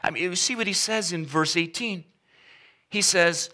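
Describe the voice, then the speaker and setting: A man preaching a sermon as pastor, talking conversationally with humor, slowing and stressing key words. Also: on the high side, bright, forceful tone. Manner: emphatic, with varied pace.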